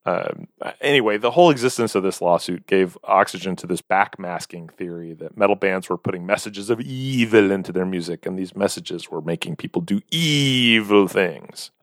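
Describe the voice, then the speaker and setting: Podcast guy, lowish voice, bouncy wry delivery, dead dry room. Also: lively intonation, moderate pace, hardly any pauses, dry recording. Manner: wry, reads out a long list of names. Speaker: podcast co-host. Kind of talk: casual chat.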